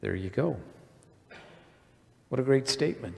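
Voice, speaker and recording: Gravelly-voiced male pastor preaching. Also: medium pitch, a little slow, a little mellow. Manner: conversational preaching, quizzes the congregation. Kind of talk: sermon. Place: church sanctuary. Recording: reverberant church hall.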